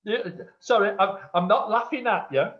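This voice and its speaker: In a church hall, a man working as a medium answers an audience member's question, calling her sweetheart in an earnest, insistent way. His voice is high and his speed normal, and the recording is dull and lo-fi.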